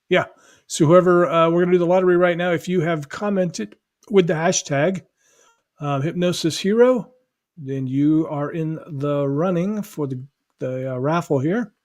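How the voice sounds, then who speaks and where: Male host, Californian accent, higher voice, chatty and casual, dry close sound. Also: a little mellow, dry recording. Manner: chatty, laughs easily, restarts a lot. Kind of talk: casual live-stream chat.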